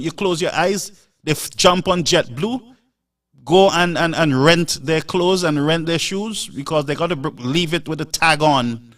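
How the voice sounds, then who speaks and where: A man's voice: on the high side, a bit bright, recorded from a distance. A man hosting a live show, delivering an emphatic, preachy monologue full of rhetorical asides.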